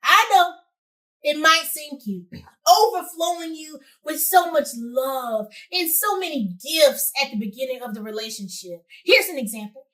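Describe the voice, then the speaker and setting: A young woman hosting a show, giving casual advice to camera in a sassy, animated way and talking straight to her listeners. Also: high voice, unhurried, recorded from a distance. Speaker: host.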